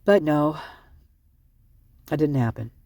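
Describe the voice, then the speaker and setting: A sleep-deprived, upset vlogger rambles through commentary, often breaking off mid-thought. The voice is husky and mellow. The recording is dry and close. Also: medium pitch, animated, dry recording. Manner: fast, rambling, self-interrupting. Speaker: vlogger reading police reports.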